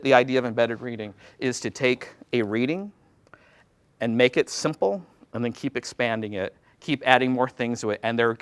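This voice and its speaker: A man's voice: medium pitch, clean tone. A man who teaches Latin, giving a casual workshop presentation to other teachers in a self-deprecating, chatty way. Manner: casual, self-deprecating, chatty with many fillers and quoted asides.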